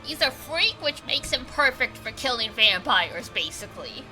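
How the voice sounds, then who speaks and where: A young woman streamer reacting to a visual novel with excitable, swearing, laughing commentary on a desk mic. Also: fairly high pitch, moderate pace, faint music behind, poor audio. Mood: excited. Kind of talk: casual game commentary.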